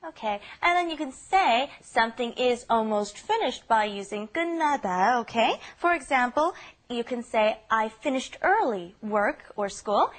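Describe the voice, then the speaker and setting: A woman with a slightly high voice leads a language lesson. She explains each phrase steadily and patiently. She keeps checking whether the learners are following. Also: normal speed. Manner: steady, patient teaching with frequent "okay?" checks. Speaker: Korean teacher co-hosting a lesson podcast.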